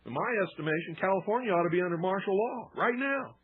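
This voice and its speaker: Indignant husky male radio host. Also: high-pitched, expressive, fast. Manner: indignant, emphatic ranting. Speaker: radio talk show host. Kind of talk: talk radio monologue. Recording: phone-band lo-fi radio broadcast.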